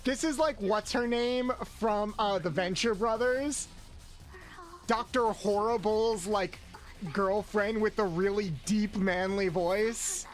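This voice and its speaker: A man's voice: sits high, slow. A man streaming a video game, chatting playfully with his viewers in a loose, rambling way. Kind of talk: casual gameplay commentary. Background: faint game music.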